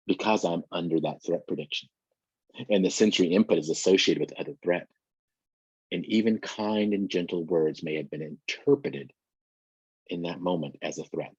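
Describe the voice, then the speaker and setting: Guy presenting a training talk, low husky voice, walks thru everyday examples, dull lo-fi sound. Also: animated, normal speed, darkish tone, no room sound. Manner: explains with everyday examples, speaking to listeners directly.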